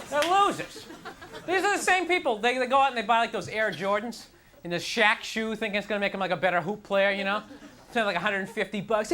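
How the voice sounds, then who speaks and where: A man performing a stand-up comedy routine on a club stage, ranting in an animated, self-deprecating way into a handheld mic. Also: sits high, brisk. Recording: live club recording with audience noise.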